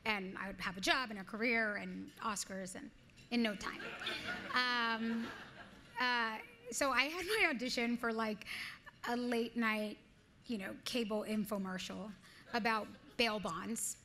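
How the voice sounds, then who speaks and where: A woman in her thirties being interviewed on a live event stage, telling stories in an earnest, animated way with frequent restarts. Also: medium pitch, slight background noise. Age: 30s. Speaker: guest actress. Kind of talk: onstage interview conversation.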